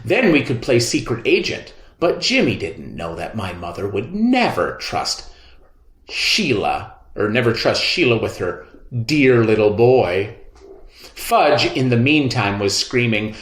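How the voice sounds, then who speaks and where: A man reading a children's book aloud in an expressive, lively storytelling manner. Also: lowish voice, measured pace. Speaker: reader. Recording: roomy echo.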